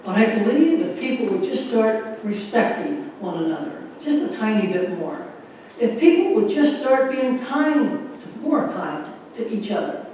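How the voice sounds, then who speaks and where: A man's voice: extremely high pitch, a little mellow, highs cut off, slight background noise. A man giving an earnest, folksy stage talk with a magic trick, joking with a church audience. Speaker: magician and motivational speaker. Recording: echoey hall from far off.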